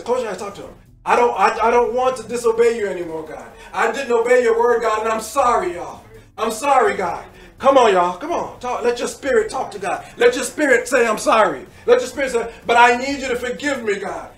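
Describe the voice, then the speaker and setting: A man preaching and leading a congregation in impassioned, pleading prayer, repeating his calls to God and rising to shouts. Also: high voice, far from the mic. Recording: echoey room with music behind, off-mic.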